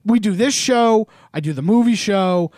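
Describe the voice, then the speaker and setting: A man co-hosting a podcast from a studio, rambling and animated in casual chat, swearing and acting out silly voices. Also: high-pitched, moderate pace, no echo. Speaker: podcast co-host. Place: radio studio.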